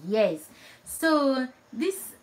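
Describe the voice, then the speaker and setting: A Nigerian vlogger whose first language is Igbo chats warmly with live viewers in a Nigerian accent, laughing often and restarting phrases. Her voice is high-pitched and sing-song, and she speaks very slowly.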